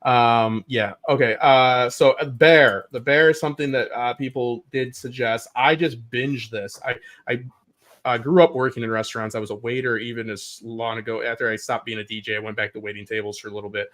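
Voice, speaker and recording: Man, livestream co-host, casual chat, rambling, excitable, swears casually. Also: medium pitch, fairly quick.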